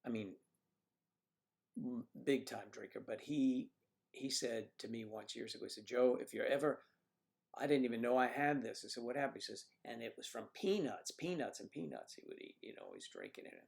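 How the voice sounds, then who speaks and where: An older man hosting a livestream, chatting casually through rambling anecdotes with frequent restarts and throat clearing. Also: mid-range voice, very animated, moderate pace. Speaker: livestream host. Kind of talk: casual chat reading viewer comments. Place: home livestream setup.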